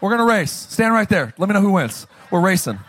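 A man's voice: sits high, brisk, breathy edge, pitched below the performer's own voice, exaggerated voice. A man voicing an eager little boy who pushes everyone to race him. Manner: pushy, excited.

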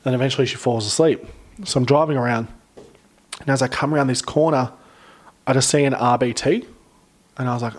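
A young Australian man hosting a podcast, chatting casually and rambling through animated stories. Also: mid-range voice, fairly quick, pauses often. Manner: rambling storyteller, animated retellings. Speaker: podcast host. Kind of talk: casual chat.

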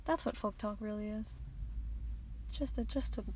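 A nineteen-year-old American woman hosts her own solo podcast from a parked car, speaking at a normal pace in a medium-pitched, slightly mellow voice. The low-quality recording carries a little hiss or hum, and she rambles candidly, restarting sentences and swearing.

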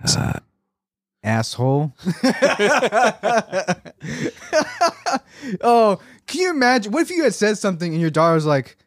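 A man's voice: high voice, sing-song, slow pace, long pauses, no room sound, clean studio sound. A man co-hosting a podcast in casual chat, crude and joking, laughing often. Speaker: podcast co-host.

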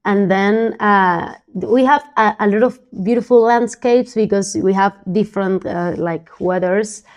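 Argentine woman talking in halting English. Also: medium pitch. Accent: Argentine Spanish. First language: Spanish. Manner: halting, searching for words, frequent laughs. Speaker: guest, professional poker player. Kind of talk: casual interview chat.

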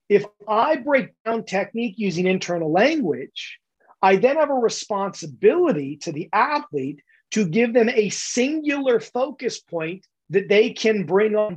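A man's voice: high voice, lo-fi sound. A man as a podcast guest, explaining coaching ideas in an emphatic, lecture-like way and repeating words for stress. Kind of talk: explanatory interview talk.

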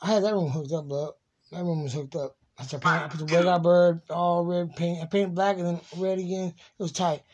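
A man chatting casually with friends at home, loose and profane, cutting in with quick asides. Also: sits high, steady tone, a little mellow, breathy edge, muffled recording. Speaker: friend recording a song video. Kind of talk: casual chat among friends. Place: house, indoors. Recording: noisy phone recording at home.

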